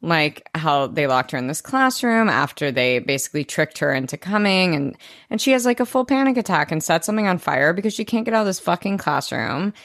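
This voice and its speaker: A woman with a notably low voice recaps a TV episode in casual podcast chat. She talks loosely, full of fillers and restarts. The sound is dry and close to the microphone. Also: expressive, a little fast, a bit bright, no room sound. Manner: chatty, many fillers and restarts. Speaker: podcast co-host.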